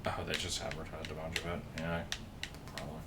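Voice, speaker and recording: A man chatting casually over a game, rambling and swearing offhandedly, getting animated when he rants. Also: very deep voice, fast, heavy background noise. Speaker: co-host chatting during a game stream. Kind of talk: casual chat. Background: loud game music.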